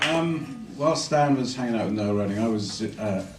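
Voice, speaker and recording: A musician recalling a quiet moment in a soft, reflective way before introducing a song. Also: male voice, on the low side, animated, normal speed, over a noisy crowd, heavy background noise. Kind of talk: reflective stage storytelling. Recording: roomy, distant stage mic with music.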